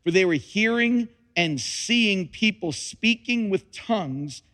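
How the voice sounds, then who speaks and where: A man's voice: high voice, animated, takes it slowly, fairly bright tone. A man preaching a sermon, reading scripture dramatically with emphatic repetition and touches of humor. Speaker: pastor. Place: church sanctuary. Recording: long reverb of a large hall.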